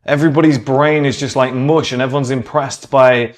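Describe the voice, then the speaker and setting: A British man holds forth in a loose, unscripted monologue, his voice sitting at an ordinary male pitch. He drives each point home with emphasis and casual swearing, and slips into the voices of people he quotes. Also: fairly even intonation, brisk. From Britain. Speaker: podcast host.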